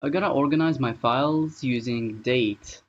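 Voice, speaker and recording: A man's voice: mid-range voice, moderate pace. A man live-streaming at home in casual chatter, rambling and thinking aloud as he works. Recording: dull lo-fi stream audio.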